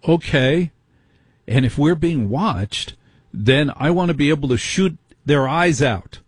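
Husky middle-aged guy doing a talk radio rant, dry sound, keeps asking how can this happen. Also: medium pitch, no echo. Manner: ranting, indignant rhetorical questions. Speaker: radio talk show host.

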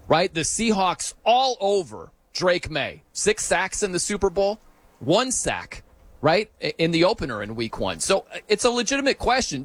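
A man hosting a sports radio show, excitable and chatty, imitating stadium chants as he talks. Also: high-pitched. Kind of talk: energetic sports talk.

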